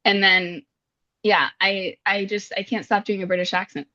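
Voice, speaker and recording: A woman's voice: medium pitch, normal speed. A woman co-hosting a podcast, telling stories casually and expressively, often laughing. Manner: animated, expressive storyteller, laughs a lot. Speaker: podcast co-host. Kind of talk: casual chat. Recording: slightly dull audio.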